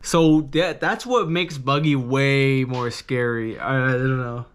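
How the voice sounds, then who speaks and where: A man casually reviewing a manga, rambling and excitable, with lots of fillers and swearing. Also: mid-range voice, takes it slowly, clear, resonant tone.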